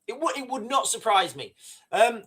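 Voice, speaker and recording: Animated, high-pitched male livestreamer. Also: moderate pace. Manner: rambling, repeats himself, reads out viewer comments. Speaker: livestream host. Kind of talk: casual livestream commentary.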